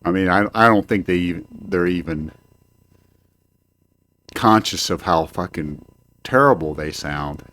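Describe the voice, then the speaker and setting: Older male home-show host, lowish pitch; profane, rambling monologue with frequent stalls. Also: unhurried, long pauses, a bit bright. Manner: profane, rambling, hesitant with many fillers. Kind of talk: ranting monologue. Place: home, indoors. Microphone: desk microphone.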